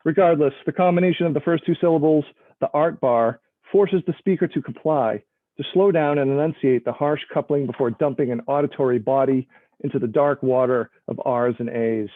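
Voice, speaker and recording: A man's voice: fairly high pitch, brisk, no room sound. A man reading a memoir-style opening from his novel in progress, with self-deprecating asides and laughs between passages, over a video call. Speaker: author reading his work. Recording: tinny phone-like line, dry.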